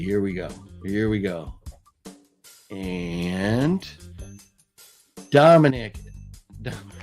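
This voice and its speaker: A man hosting a live movie news stream, calling out giveaway names in a casual, chuckling, apologetic way. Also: medium pitch. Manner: lively, apologetic, chuckling, drawn-out name calls.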